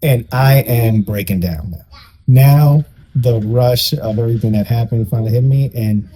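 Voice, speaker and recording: A man's voice: mid-range voice, moderate pace, warm tone, slight background noise. A young man at a church conversation telling a personal testimony in an emotional, vivid way, acting out the people in it. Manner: emotional, vivid storytelling that acts out the people involved. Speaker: guest.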